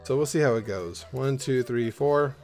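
A man's voice: mid-range voice, moderate pace, faint music behind. Rambling, foul-mouthed young man. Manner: rambling, swears a lot, bursts into loud excited whoops. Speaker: YouTuber opening trading card packs. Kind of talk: casual rambling vlog. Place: at home in an apartment.

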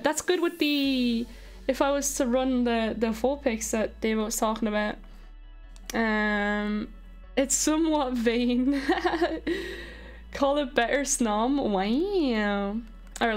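A high-pitched woman streaming a game live, bubbly and excitable, answering her chat between squeals of delight. Soft music plays underneath her voice. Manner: gushing, excitable, talks to chat viewers. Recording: faint background music.

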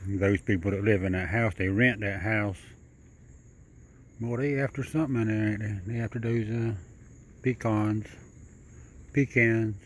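A man filming outdoors at night, talking low and coaxing in a soft sing-song call that rises in pitch. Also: fairly even intonation, moderate pace. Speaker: wildlife video maker. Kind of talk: hushed narration while filming animals. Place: outdoors at night near a house.

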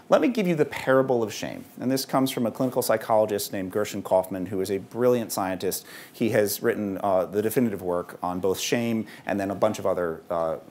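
Man, public talk to parents, conversational, husky voice, very animated pitch. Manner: lively, conversational, frequent ums. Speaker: author and speaker at a parents' event. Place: event hall.

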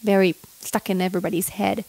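A young woman teaching how to sing a pop ballad, speaking in a relaxed coaching manner and breaking into sung phrases to show the technique. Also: medium pitch, quick pace, creaky, no echo. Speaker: singing teacher. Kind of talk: vocal lesson with sung demonstrations. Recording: loud instrumental music behind.

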